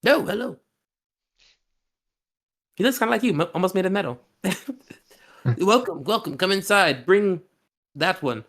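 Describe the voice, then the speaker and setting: A man voicing an older-sounding male figure in living armor with flames for eyes, speaking with booming, formal, deliberate courtesy. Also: expressive, fairly bright tone, full character voice. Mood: welcoming.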